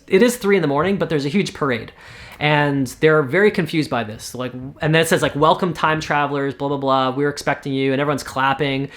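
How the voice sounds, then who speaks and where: A Canadian man casually pitching a movie idea, retelling scenes and quickly voicing the characters' lines. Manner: animated storytelling with quick character voices. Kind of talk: casual spoken pitch, acting out dialogue.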